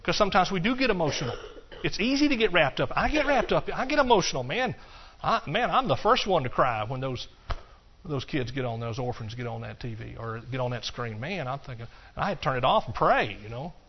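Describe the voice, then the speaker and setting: A male pastor delivers a sermon in church with a folksy, animated style, jumping from loud exclamations to quiet, hushed asides. His voice sits a bit high for a man and moves a little fast, in a dull, lo-fi recording with slight background noise.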